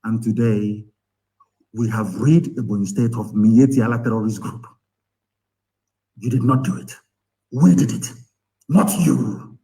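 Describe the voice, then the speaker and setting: A man's voice: medium pitch, measured pace, pauses often, mellow, low-quality recording. A man with a Nigerian accent giving an impassioned live broadcast, angry and scornful, firing rhetorical questions. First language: Igbo. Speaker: activist leader broadcasting.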